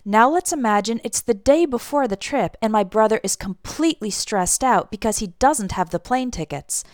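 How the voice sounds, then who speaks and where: A woman teaching an English lesson, speaking clearly and deliberately as she explains and models example phrases. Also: fairly high pitch, expressive, no echo, clean studio sound. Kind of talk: scripted language lesson.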